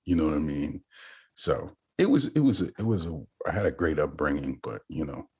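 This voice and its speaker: A man's voice: very deep voice, lively intonation, normal speed, a little mellow, husky. A man co-hosting a podcast in casual chat, playful and laughing often, from the Southern United States. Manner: laughs often, playful, breaks into silly voices and sound effects. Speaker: podcast co-host.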